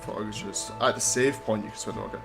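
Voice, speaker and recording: A man's voice: lowish voice, fairly even intonation, fast talker, vocal fry. Scottish lad narrating his playthrough, chatty and rambling, faint music underneath. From Scotland. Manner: chatty, rambling, self-mocking. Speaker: let's play gamer. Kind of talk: casual gameplay commentary.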